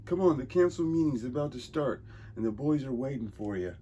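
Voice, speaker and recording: A man voicing a gruff middle-aged male gangster sidekick in a comic book reading, with blunt street talk. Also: medium pitch, expressive, a little fast, dark tone, slight background noise, pitched above the performer's own voice, natural voice. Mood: pushy.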